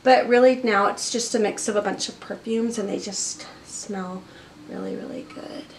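A woman's voice: medium pitch, steady tone, normal speed, a little hiss or hum. A woman who breeds dogs, chatting casually on her vlog in a gushing, chatty way with lots of fillers. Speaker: dog breeder and channel host.

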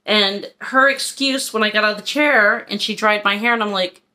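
A woman's voice: mid-range voice, normal speed, pushed and bright. Chatty Philly woman in her fifties venting. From Philadelphia, USA. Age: 50s. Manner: chatty, venting, acts out quotes; rambling with fillers and asides. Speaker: haul vlogger. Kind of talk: casual storytelling vlog.

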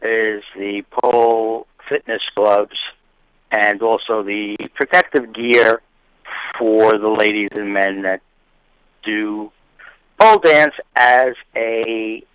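Bright-voiced man, dry jokes, on a call. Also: fairly low pitch, steady tone, slow, smooth, no room sound, low-quality recording. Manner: dry joking, plain explanations. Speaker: caller, business partner. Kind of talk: phone-in chat.

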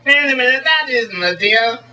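A man putting on a high, excitable voice as a crude, goofy Swedish stage magician. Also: normal speed, distant mic, soft background music, heavily acted, low-quality recording. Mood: showy, crude.

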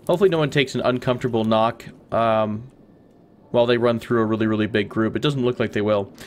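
A man's voice: medium pitch, fairly even intonation, fast talker. A man hosting a let's play, giving casual gameplay commentary, chatty and rambling as he thinks aloud.

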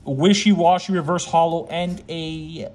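A man with a slightly high voice hosts a laid-back card-opening session, teasing his buddy and calling out each pull with excitement. A faint hiss sits under the recording. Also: measured pace. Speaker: channel host. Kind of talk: casual card-opening chat.

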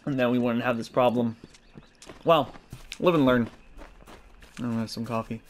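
A man records let's play commentary at a moderate pace in a medium-pitched, fairly even voice, with slight background noise plus game music and sounds. He's chatty and jokey, swears at times, and laughs at his own corny puns.

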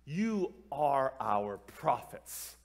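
A man's voice: medium pitch, drawn-out words. A middle-aged man giving a storytelling talk to a church gathering, acting out the voices of the people in his story. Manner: animated, acts out voices in his stories, breaks into tearful laughter. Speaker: keynote speaker.

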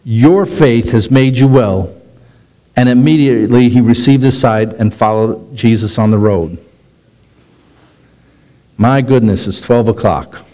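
A middle-aged man, a pastor, preaching a sermon with animated delivery that slows down for emphasis. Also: medium pitch, low-quality recording.

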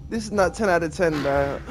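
A man's voice: a little high, brisk, soft background music. A man giving casual gameplay commentary, apologetic and rambling, with a lot of slang and self-mockery. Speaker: gaming video creator.

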